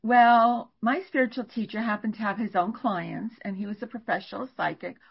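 Husky older woman telling stories, lo-fi. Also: mid-range voice, moderate pace. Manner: animated, laughs while telling stories. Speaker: guest astrologer. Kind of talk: storytelling in a podcast interview. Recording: dull lo-fi recording.

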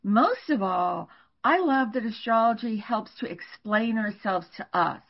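An older woman, a guest astrologer, telling stories in an animated way and laughing now and then during a podcast interview. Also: on the high side, measured pace. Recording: dull lo-fi recording.

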